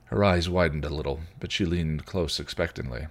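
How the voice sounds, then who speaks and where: Podcast host, male, very deep voice, expressive read-aloud narration. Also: brisk, few pauses. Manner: expressive storytelling. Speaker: podcast host reading a story. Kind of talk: reading fan fiction aloud.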